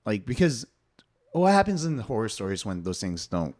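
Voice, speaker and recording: A man's voice: lowish voice, big pitch swings, brisk, a little mellow. A young man hosting a casual podcast, telling stories animatedly with lots of fillers and some swearing. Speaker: podcast host.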